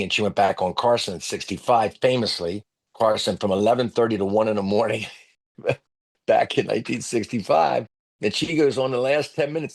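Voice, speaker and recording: A man, a comedian guest telling lively stories on a podcast and acting out other people's loud voices. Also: lowish voice, vocal fry. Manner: animated storyteller, acts out loud voices of others. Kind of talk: storytelling podcast interview.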